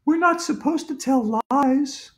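A man voicing a bossy know-it-all schoolgirl who scolds in prim, drawn-out words. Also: very high-pitched, voice pushed up. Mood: scolding. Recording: roomy echo.

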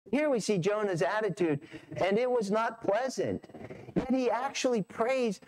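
A middle-aged man preaching a sermon as pastor, storytelling with animation and acting out voices. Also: sits high. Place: church sanctuary.

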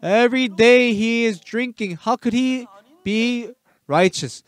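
With a very high-pitched voice and a slow pace, a male pastor preaches emphatically, peppering the congregation with rhetorical questions. He moves between loud urging and soft asides, and the recording has no echo.

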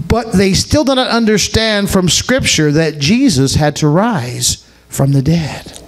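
Man pastor, scripture reader, high voice, lively and unhurried. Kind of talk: dramatized scripture reading at a service.

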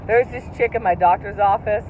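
A woman's voice: medium pitch, a little fast. A middle-aged woman co-hosting a casual vlog from inside a car, chatty and laughing often. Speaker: vlog co-host. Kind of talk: casual chat while driving. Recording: tinny phone-like sound, faint road noise.

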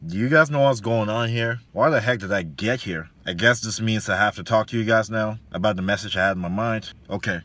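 A man's voice: on the low side, brisk, few pauses, bright, forceful tone. A man, an online fitness coach, giving a preachy motivational monologue full of repeated lines, slang and rhetorical questions.

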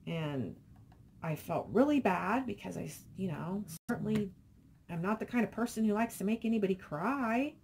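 A woman's voice: mid-range voice, expressive, normal speed, gravelly, a little mellow, a little hiss or hum. A middle-aged woman vlogging casually, rambling and reading viewer comments aloud. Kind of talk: casual chat.

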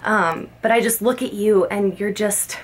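A young woman talking as a mother to her baby son, tender and emotional, with halting words, recorded in a closet at home. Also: mid-range voice, fairly even intonation, husky. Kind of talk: heartfelt personal video message.

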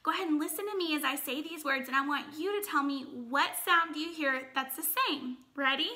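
A woman teaching a children's phonics lesson, upbeat and encouraging, sounding out words slowly and clearly. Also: high voice, pushed and bright.

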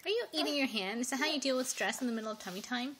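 A woman's voice: high-pitched, animated, rapid-fire, a bit bright, a little hiss or hum. A woman filming her baby on a phone, coaxing and teasing it to roll over in casual home-video talk. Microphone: phone camera.

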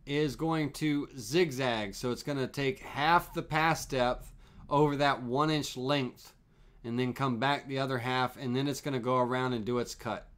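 A man walks viewers through CNC toolpath settings on a live stream. He talks in an easygoing way, repeats phrases as he clicks through the software, and uses plenty of fillers. His voice sits at an ordinary middle pitch. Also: unhurried. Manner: relaxed, repetitive explaining with fillers. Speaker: CNC woodworking instructor.

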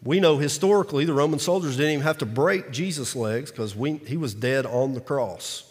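A man's voice: mid-range voice, brisk, husky. A male pastor, preaching a conversational sermon that acts out scripture quotes. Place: church sanctuary. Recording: long reverb of a large hall.

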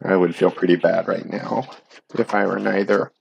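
A man serving as guest minister, telling a story for all ages during a worship service and making warm, animated asides to the children. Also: sits low, moderate pace, creaky, breathy edge, dull audio.

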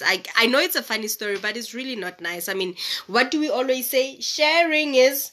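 A woman's voice: a little high, lively intonation, moderate pace, bright, forceful tone, a little hiss or hum. A young woman reading a children's story aloud and chatting about it. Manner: chatty, explaining.

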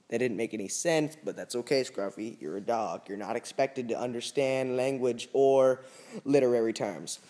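A man's voice: medium pitch, normal speed, dark tone. A young man rambling goofily in a casual vlog at home, self-aware and jumping between topics, filming on a handheld phone. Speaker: vlogger. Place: at home, indoors.

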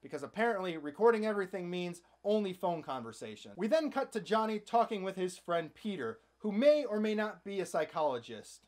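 A man's voice: sits high, sing-song, fairly quick, hardly any pauses, a little mellow. A man hosting a comedic movie recap, narrating with sarcastic, playful asides. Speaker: host.

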